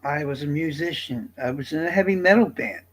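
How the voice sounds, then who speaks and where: A man's voice: on the high side, a little fast, poor audio. A man streaming live, chatting casually to viewers in a blunt, exasperated, profane way.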